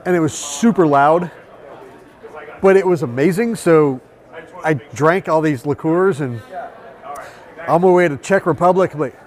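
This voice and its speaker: A man, a tattoo artist, telling travel stories in casual chat, animated and profane. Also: fairly high pitch, measured pace, long pauses. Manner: profane, animated storytelling with quoted voices. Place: busy tattoo convention.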